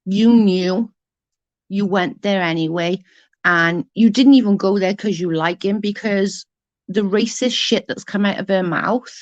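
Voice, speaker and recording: A woman's voice: mid-range voice, a little slow, dry recording, dull audio. Sweary Welsh woman in her forties. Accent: Welsh, Newport. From Wales. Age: 40s. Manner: blunt, sweary, sarcastic. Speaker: vlogger. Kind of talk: casual ranting chat.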